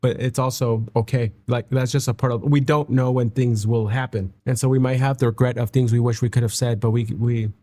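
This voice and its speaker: A man with a mellow, warm voice at an ordinary middle pitch reflects aloud while reacting to music. He speaks in a halting, heartfelt way, restarting his sentences and sounding close to tears. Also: steady tone. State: emotional, near tears. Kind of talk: reflective casual reaction commentary.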